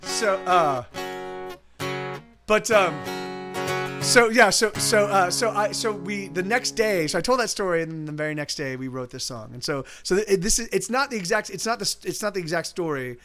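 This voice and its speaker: A man's voice: sits high, lively intonation, moderate pace, a bit bright. A male musician streaming live, telling a rambling, casual story full of restarts and swearing, with faint guitar behind.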